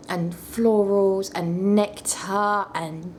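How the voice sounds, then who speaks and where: A woman with a somewhat low voice chats through her perfume collection in a casual vlog. She gushes over favourites and turns bluntly apologetic over letdowns. A faint hum of room noise sits behind her. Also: slow, a little mellow. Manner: chatty and gushing, blunt asides. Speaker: perfume reviewer.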